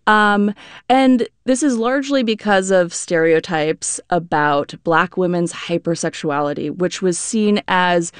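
Smooth-voiced woman author on radio. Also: on the low side, a little slow, no room sound, studio quality. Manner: thoughtful, explanatory, with frequent fillers. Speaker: author and interview guest. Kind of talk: radio interview.

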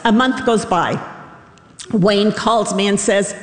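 A woman's voice: medium pitch, slow. A middle-aged woman telling a self-deprecating, wry personal story live on a theater stage. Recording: roomy hall reverb.

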